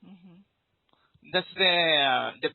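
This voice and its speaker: Slow, gravelly woman. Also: low voice. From Colombia. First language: Spanish. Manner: hesitant, many pauses and fillers. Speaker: English student. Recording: phone-like dry audio call.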